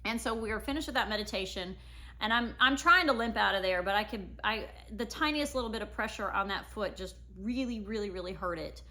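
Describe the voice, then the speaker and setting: A woman's voice: medium pitch, fairly quick, pushed and bright. A woman in her thirties casually telling a personal family story, acting out her own past words.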